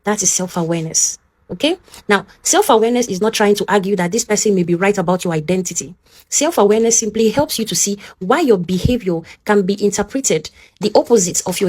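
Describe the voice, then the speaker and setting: A woman's voice: mid-range voice, a little mellow. Earnest Nigerian woman teaching directly. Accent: Nigerian English. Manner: direct, earnest, often checks in with the listener. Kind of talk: motivational teaching talk.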